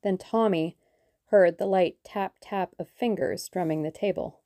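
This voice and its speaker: A woman narrating a classic mystery audiobook in a measured storytelling voice. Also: fairly low pitch, dark tone, dry recording, clean studio sound.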